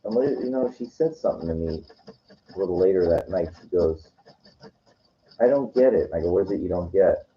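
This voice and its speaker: A weekend vlogger with a low, quick-paced voice rambles loosely through a casual monologue, peppering it with "you know" and "like" and often starting over. The recording is dull and lo-fi.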